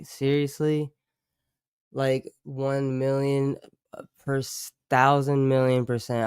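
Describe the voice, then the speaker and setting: A livestream host talks loosely and slangily, leaning on lots of "like" fillers, swearing and chuckling often between remarks. His mid-range voice is darkish, clear and resonant, recorded in clean studio sound with no echo.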